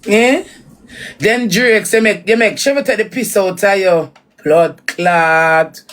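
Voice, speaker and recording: A woman's voice: medium pitch, takes it slowly. A woman with a Jamaican accent giving blunt, repetitive commentary in patois on a reaction vlog.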